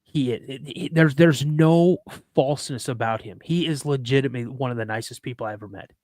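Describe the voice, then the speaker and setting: Speaking a little fast in a medium pitch with a slightly mellow quality, this podcast host rambles through casual stories on a live show, frequently restarting and repeating himself. There's no room sound.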